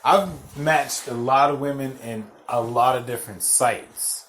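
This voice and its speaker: A man's voice: medium pitch, unhurried, slight background noise. Profane, worked-up man ranting on a podcast. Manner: swears constantly, repeats phrases, gets loud and worked up. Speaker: podcast host. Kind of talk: profane storytelling rant.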